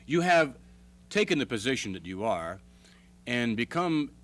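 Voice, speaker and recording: A man's voice: mid-range voice, sing-song, measured pace. A man hosting a talk show, asking questions in a formal, wordy way.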